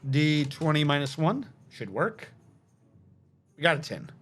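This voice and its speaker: A man's voice: fairly high pitch, very animated, measured pace, a bit bright, husky, soft background music. A man streaming a game live, giving casual, profane commentary and talking to his chat.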